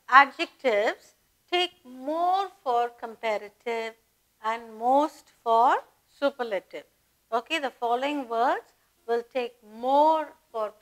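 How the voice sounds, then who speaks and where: A woman with an Indian English accent teaching a grammar lesson, dictating word lists in a deliberate way. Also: fairly high pitch, a bit bright, rough recording. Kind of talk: slow classroom grammar lesson.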